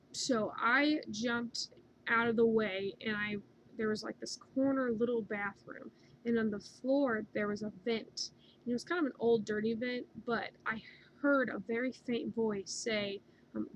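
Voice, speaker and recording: A woman's voice: on the high side, slight background noise, rough recording. A young woman casually telling a long personal story, rambling with many fillers and restarts. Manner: rambling, many ums and likes. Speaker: dream narrator.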